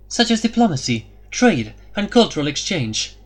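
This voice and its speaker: A man's voice: high-pitched, very animated, moderate pace, voice pushed up. A man voicing a regal, idealistic young queen in an audiobook, firm and earnest. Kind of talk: audiobook character voice.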